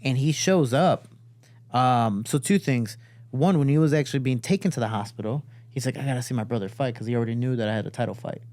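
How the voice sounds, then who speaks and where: Speaking at a quick pace in a mid-range, darkish voice, a podcast host and fighter recounts a story from the studio. The recording is dry, and his telling is casual and profane, with the quoted people's voices acted out.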